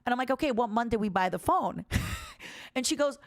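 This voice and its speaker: A lively woman streamer in her late thirties or forties, telling a story to her chat. Her voice sits a little high and swings widely in pitch. She breaks into bright, loud peaks of laughter. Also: normal speed. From Ukraine, raised in Canada. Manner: animated storyteller, jumps high and loud when amused, laughs often. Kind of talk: casual live-stream chat.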